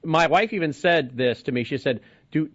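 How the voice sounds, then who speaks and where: A man's voice: on the high side, expressive, fairly quick, husky, no room sound. A man hosting a broadcast talk show, explaining the news in a conversational way and asking his guests questions. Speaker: host. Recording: dry, slightly dull lo-fi sound.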